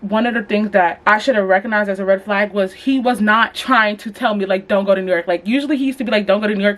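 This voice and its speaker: Young woman, quick casual storyteller, slangy and blunt, mid-pitched. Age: young adult. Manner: fast, animated, slangy and profane storytelling. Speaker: vlogger.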